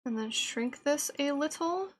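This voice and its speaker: A woman's voice: sits high, lively intonation, unhurried. A woman streamer talking to herself while she works, exasperated and laughing at her own mistakes. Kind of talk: live-stream self-talk while animating.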